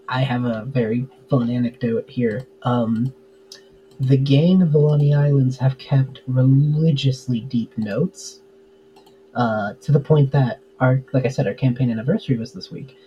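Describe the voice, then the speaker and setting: A man's voice: medium pitch, unhurried, highs cut off, slight background noise. A man chatting casually as a podcast guest, full of fillers and easy laughs. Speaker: podcast guest, tabletop game player. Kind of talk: casual interview chat.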